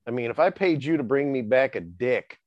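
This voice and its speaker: Animated joking man, dry dull sound. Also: medium pitch, fairly quick, no room sound. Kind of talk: casual podcast chat.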